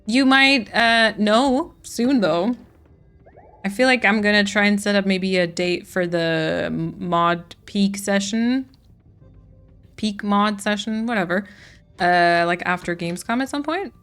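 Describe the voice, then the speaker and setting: A woman's voice: medium pitch, unhurried, fairly bright tone, faint music behind. A woman streaming a farming game, chatting casually with her viewers while she plays. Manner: chatty, reads and answers chat while playing. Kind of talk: casual gaming livestream chat.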